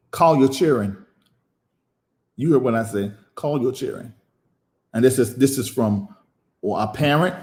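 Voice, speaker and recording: A man who is a preacher and show host giving emotional live-stream commentary, emphatic and preachy, repeating phrases and pausing at length. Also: medium pitch, darkish tone, echoey room.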